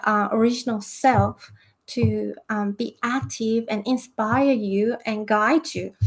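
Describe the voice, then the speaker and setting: A woman hosting a spiritual self-help monologue, talking hesitantly with many fillers. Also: on the high side. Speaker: spiritual talk host.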